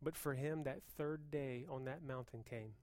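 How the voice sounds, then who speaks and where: A man preaching a sermon as pastor, moving between hushed, intense passages and loud, fervent appeals. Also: medium pitch, steady tone, moderate pace, dry recording.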